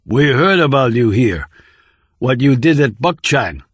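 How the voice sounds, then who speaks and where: A surly male camp guard, played by a male narrator, gruff and dismissive but anxious underneath. The voice sounds close to the narrator's own, in a dry, close studio read. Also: medium pitch, big pitch swings, a little slow, no room sound. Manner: surly, then anxious and placating. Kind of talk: audiobook character voice.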